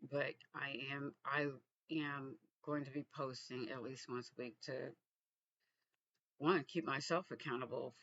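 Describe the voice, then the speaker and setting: A man from Texas, vlogging in a reflective, halting way with frequent restarts. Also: mid-range voice, steady tone, sharp tone, no echo, dull audio. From Texas, USA. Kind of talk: casual personal vlog.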